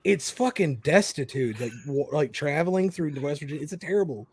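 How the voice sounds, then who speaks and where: A man's voice: fairly high pitch, lively intonation, brisk, a little mellow, husky. A man from western Kentucky in casual podcast chat, rambling, swearing and saying "like" a lot. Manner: rambling, profane, full of "like".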